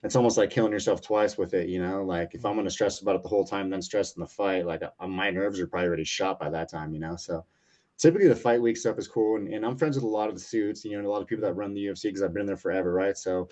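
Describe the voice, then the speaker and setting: A UFC lightweight fighter in his thirties tells a story as a guest in a casual interview, speaking at a racing pace in a low, slightly mellow voice. He rambles with lots of fillers and swears freely, and the lo-fi audio is muffled.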